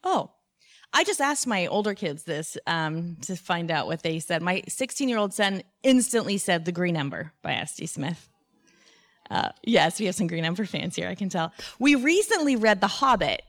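A woman host chatting casually, telling stories in a lively way and laughing as she talks. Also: fairly low pitch. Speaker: podcast host. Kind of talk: casual conversation before a live audience.

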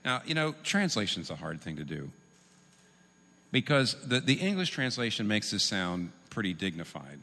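A male preacher with a low voice that swings up and down a lot as he teaches, joking as he goes. The sound rings out with a long reverb, as in a large hall or church. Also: moderate pace. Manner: animated, humorous teaching, with asides. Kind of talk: sermon.

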